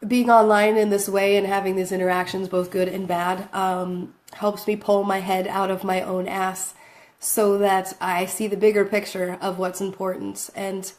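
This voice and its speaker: A woman's voice: medium pitch, darkish tone. Rambling woman vlogger, self-mocking. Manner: rambling, self-deprecating, laughs often. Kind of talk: casual talk to camera. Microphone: phone camera.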